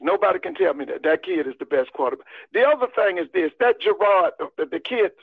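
A man's voice: high-pitched, very animated, a little fast, gravelly, husky, no echo. A man, calling in to a live sports show, talking emphatically and repeating his points in folksy terms. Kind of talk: casual sports talk. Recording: tinny phone line.

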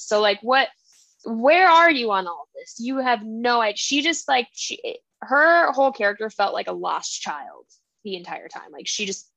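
A woman's voice: mid-range voice, normal speed, gravelly, no echo. Chatty woman retelling a plot. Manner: animated retelling with many "like"s. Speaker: podcast co-host. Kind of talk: casual book club chat.

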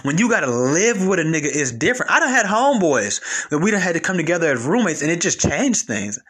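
A young man giving a blunt, animated casual monologue on relationships, full of slang and repeated phrases. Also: a little high, fast, breathy edge. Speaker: commentator.

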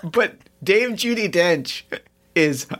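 Giggly, animated woman recapping a movie. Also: lowish voice, takes it slowly. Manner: laughs through recaps, animated storytelling. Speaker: podcast co-host. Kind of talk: casual comedic chat.

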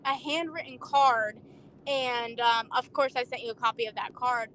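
A woman police officer telling a story in a casual chat over a remote call, animated and full of fillers. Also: on the high side, moderate pace, slight background noise, low-quality recording.

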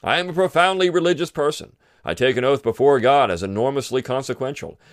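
A man's voice: medium pitch, dry recording, clean studio sound. A middle-aged man hosting a podcast, giving sarcastic political commentary and pretending to choke up with tears. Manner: mock-tearful, sarcastic pauses. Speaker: podcast host.

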